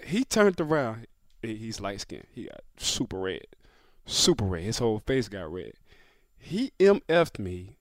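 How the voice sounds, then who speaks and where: Ex-player co-host, animated raconteur, voice leaps around, dry mic. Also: male voice, a little slow, no echo. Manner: animated storyteller who acts out quotes, jumping high and dropping low. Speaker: co-host, former football player. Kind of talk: casual storytelling chat.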